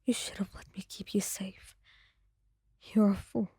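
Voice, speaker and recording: Stern woman in grief, a woman whispering the role; breathy, slow, shaking whispered role-play. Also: mid-range voice, level tone, warm tone, dry recording, clean studio sound. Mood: desperate. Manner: trembling, pleading whisper. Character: stern powerful woman, shaken and grieving.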